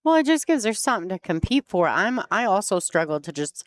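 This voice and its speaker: A woman's voice: medium pitch, big pitch swings, fairly quick, no room sound. A woman commentating a pool match in a chatty way, laughing easily and explaining the play. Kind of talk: sports commentary.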